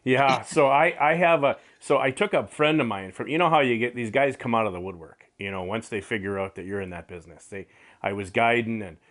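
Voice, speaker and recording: A man's voice: medium pitch, fairly quick. A middle-aged man telling a hunting story in a casual chat, acting out quotes and laughing often. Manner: animated, laughing storyteller who acts out quotes. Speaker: radio show host, hunting guide.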